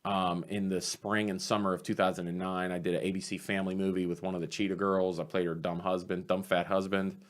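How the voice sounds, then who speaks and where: A comedian, telling stories in a casual podcast chat, animated and swearing freely. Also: male voice, low voice, fast talker, hardly any pauses. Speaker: comedian guest.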